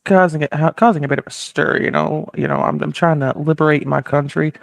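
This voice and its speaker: A young male America stammers through his requests, unsure of himself. A man plays him in a slightly high, gravelly voice. The sound is dry and close. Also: fairly even intonation, a little fast, no room sound. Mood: earnest. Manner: hesitant, stammering.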